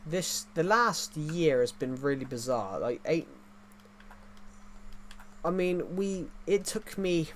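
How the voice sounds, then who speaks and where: A gaming streamer with a high-ish, animated voice chats casually with viewers while playing, taking it slowly and pausing often. He's rambling and jokey, frequently restarting and correcting his sentences, and there's a little hiss or hum.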